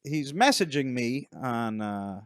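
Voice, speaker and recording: A man's voice: mid-range voice, expressive, slow pace, dry recording, clean studio sound. A middle-aged man, a stand-up comedian, telling long rambling anecdotes in a casual chat and acting out other people's lines. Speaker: stand-up comedian, podcast guest.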